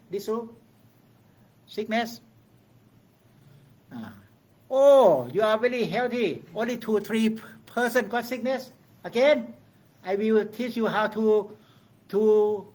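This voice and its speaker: A man teaching meditation to a group in a room, speaking in simple, halting English and often stopping to ask "okay?". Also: sits high.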